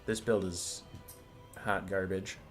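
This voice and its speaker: A man's voice: deep voice, fairly even intonation, takes it slowly, soft background music. A young man who says he feels sick, chatting casually with viewers while he sets up a strategy game, rambling and cooing over pet photos. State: sick, stuffy. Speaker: streamer. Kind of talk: casual gameplay chat with viewers.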